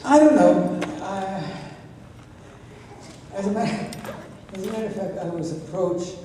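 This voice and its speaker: An eighty-two-year-old man tells wry stories to a convention crowd, stumbling and restarting as he goes. His voice sits a little high for a man. It comes from far off in a big echoing hall with a long reverb. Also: unhurried, dark tone, slight background noise. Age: 80s. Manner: rambling, self-correcting, wry. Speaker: convention panel guest. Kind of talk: convention Q&A storytelling.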